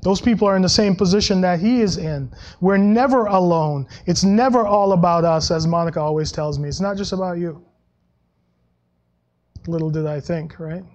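A male pastor preaching a sermon in a conversational way, with frequent restarts and soft laughs, and dropping his voice when he quotes scripture. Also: moderate pace, dull audio. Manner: acts out Bible quotes in a lower voice.

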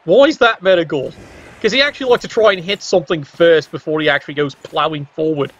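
A man's voice: on the high side, fast, fairly bright tone, highs cut off. A man doing casual, wry play-by-play commentary on a game stream, teasing the players with exclamations.

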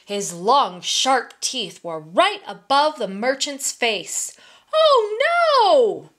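A woman reads a children's story aloud, pacing it out slowly for very young listeners. Her pitch sits a little high and moves a great deal, rising and falling to keep the story lively. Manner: slow, expressive read-aloud for small children. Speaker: story time reader.

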